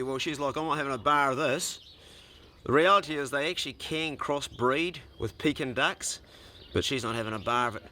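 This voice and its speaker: This vlogger, a man with a New Zealand accent, wanders his farm outdoors with his phone, chatting casually and addressing his animals. He's chatty and relaxed, his voice mid-range, with slight background noise.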